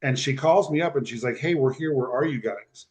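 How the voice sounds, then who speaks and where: A man on a podcast retelling a personal story, halting and repeating himself, close to tears. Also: mid-range voice, darkish tone. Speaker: podcast guest.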